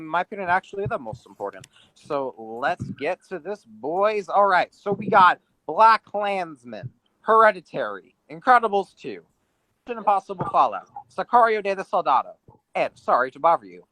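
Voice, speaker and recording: An eager man announces nominees with emphatic enthusiasm. His voice is high, bright and forceful, and it bounces lively. It is recorded dry and close. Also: dry recording, low-quality recording. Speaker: award show presenter. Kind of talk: casual comedic awards chat.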